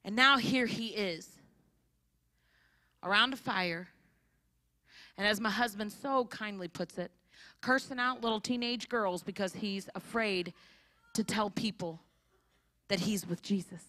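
A woman giving a storytelling sermon at a church conference, animated and acting out the people in her story. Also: mid-range voice, a little slow, long pauses, no echo, clean studio sound. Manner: animated, acts out characters' voices. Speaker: conference speaker. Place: church hall.

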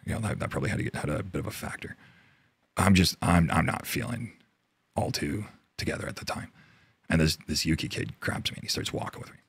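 An army veteran from Canada, appearing as an interview guest, talks through a war story in a very deep, gravelly, husky voice with a rough fry. He swears freely and often stops mid-sentence to start over. The recording is close and dry, with no echo.

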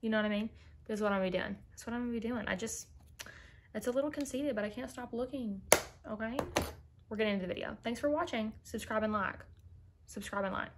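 A woman's voice: on the high side, fast, slight background noise. A young woman talking casually to viewers in a makeup tutorial, chatty and sassy, calling them girl. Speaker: beauty vlogger.

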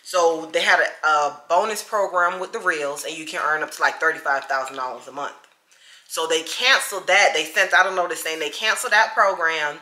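Chatting casually to camera from inside her home, a lifestyle vlogger talks straight to her viewers in an easygoing way and calls them "child." Her voice is low, pushed, and bright, and the room is echoey.

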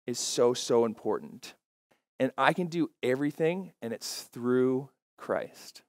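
A man preaching a sermon as pastor, stressing key phrases by slowing down and repeating them. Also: medium pitch, no echo, studio quality. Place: church.

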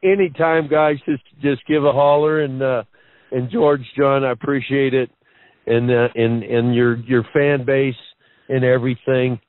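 A man's voice: medium pitch, fairly even intonation, a little slow, dry recording. A middle-aged man, a guest on an interview show, telling stories in an earnest, rambling way and often repeating words. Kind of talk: casual storytelling interview. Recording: tinny phone line.

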